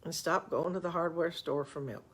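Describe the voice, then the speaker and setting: A woman's voice: deep voice, steady tone, normal speed, husky. An older woman, a relationship coach, giving chatty, folksy advice on a live stream with self-mocking asides, into a webcam.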